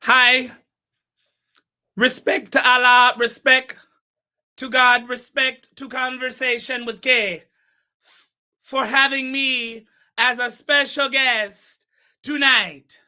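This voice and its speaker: A woman's voice: high voice, little pitch movement, takes it slowly, pauses often, pushed and bright, heavily acted. A woman putting on a brash, proud foreign-accented guest character. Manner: repeats fixed blessing phrases, refuses personal questions. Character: brash self-proclaimed Pakistani woman guest, proud and evasive. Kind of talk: comedic character sketch.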